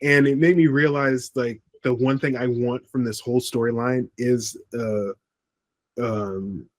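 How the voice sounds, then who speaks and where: A man co-hosting a podcast talks wrestling in a loose, rambling way, repeatedly stopping on ums and starting over. His mid-range voice holds a steady tone at a measured pace, with no echo.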